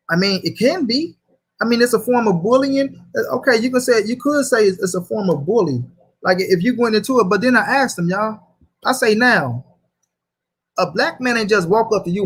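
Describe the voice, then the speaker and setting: A man runs a casual livestream and argues hard. His voice sits fairly high, and he swears freely as he reads viewer comments aloud. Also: animated, normal speed, a bit bright, breathy edge. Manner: heated, profane, reads chat aloud. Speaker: host.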